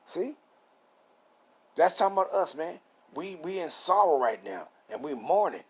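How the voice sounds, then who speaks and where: A man reading scripture aloud and preaching on it in a casual, rough-edged way, reading verses slowly and stopping to ask rhetorical questions. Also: a little high, sing-song. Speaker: scripture teacher.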